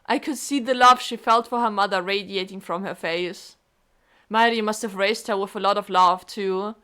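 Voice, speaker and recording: A woman streamer reading a game aloud and reacting with emotional, expressive comments. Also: mid-range voice, normal speed.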